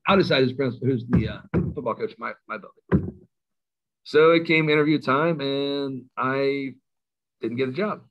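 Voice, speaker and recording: A middle-aged man with a Kentucky accent, a high school coach telling stories as a guest, self-mocking and laughing often. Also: moderate pace. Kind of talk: casual storytelling interview. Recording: slightly dull lo-fi sound.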